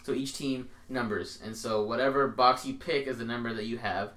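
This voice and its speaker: A man co-hosting a podcast, chatting casually and telling animated stories with plenty of swearing. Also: medium pitch, moderate pace. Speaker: podcast co-host. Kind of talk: casual chat.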